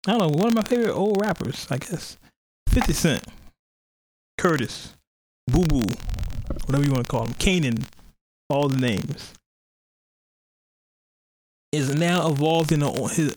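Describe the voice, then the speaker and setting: A man's voice: medium pitch, noisy background. A man hosting a podcast in casual chat, rambling and cursing, often laughing as he retells things. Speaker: podcast host.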